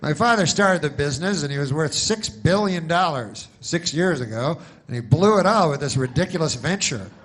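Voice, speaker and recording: A man voicing a pushy, upbeat insurance pitchman selling policies to old people, in loud, overeager sales patter. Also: expressive, moderate pace, hardly any pauses. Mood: eager selling.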